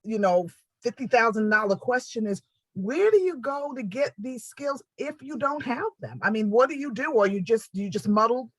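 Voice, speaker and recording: A woman's voice: on the high side, expressive, moderate pace, dry recording, poor audio. Woman hosting a talk show, lots of yes and yeah, dry close sound. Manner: warm affirming interjections, frequent restarts. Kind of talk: conversational interview.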